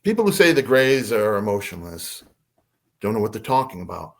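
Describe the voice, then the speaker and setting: A man who is a podcast guest, telling a story in a casual, animated way and acting out the voices in it. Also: fairly low pitch, a little fast, creaky.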